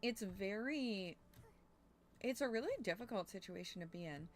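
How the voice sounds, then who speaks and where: A woman's voice: mid-range voice, lively intonation, moderate pace. A young woman streamer chatting casually while playing a game, thinking aloud and swearing now and then. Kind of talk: casual gameplay chat.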